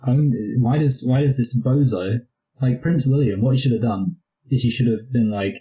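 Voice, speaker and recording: A man's voice: medium pitch, normal speed, mellow, rough recording. A young man with a rambling, jokey manner, co-hosting a casual movie review chat. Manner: rambling, jokey, slips into posh impressions. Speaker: co-host of a movie review show.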